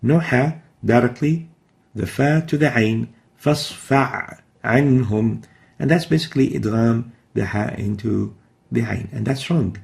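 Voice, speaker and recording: A man's voice: mid-range voice, moderate pace, gravelly, a little mellow. A man teaching a recorded recitation lesson, explaining each pronunciation mistake step by step and then sounding out the Arabic letters himself.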